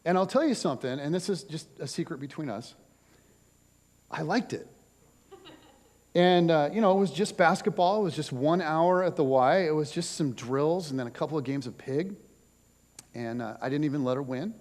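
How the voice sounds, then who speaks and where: A middle-aged male pastor with a slightly raised pitch, talking through his sermon in a loose, chatty way full of little asides and dry jokes. His voice rings out with a long reverb from a church hall. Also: a little mellow. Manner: casual and chatty, with many fillers and wry jokes. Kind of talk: conversational sermon. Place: church auditorium.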